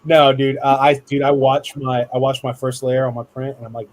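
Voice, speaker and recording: A man's voice: medium pitch, fast talker, few pauses, low-quality recording. A man with a Southern US accent co-hosting a livestream in casual chat, loose and jokey, swearing freely and calling everyone dude.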